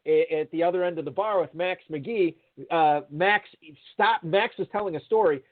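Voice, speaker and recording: A man telling a long, rambling anecdote in casual chat, full of fillers and restarts. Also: on the high side. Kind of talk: casual anecdote over a call. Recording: tinny phone-line audio.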